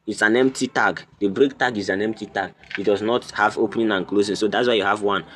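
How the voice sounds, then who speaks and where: A man's voice: fairly low pitch, fairly even intonation, fast, fairly bright tone, breathy edge. A man hosting a coding tutorial, walking through each step in a teacherly way, repeating points and checking "can you see". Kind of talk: screen-recorded tutorial walkthrough.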